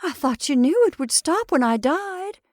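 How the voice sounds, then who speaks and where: A woman voicing a meek, sly wife who talks softly in a high, plaintive voice. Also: animated, a little slow, no room sound, clean studio sound. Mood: tearful.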